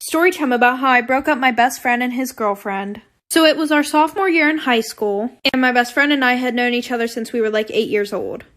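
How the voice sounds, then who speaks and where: A woman's voice: fairly high pitch, brisk, a bit bright. A woman tells a story to her camera in a plain, confessional way. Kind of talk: story time vlog.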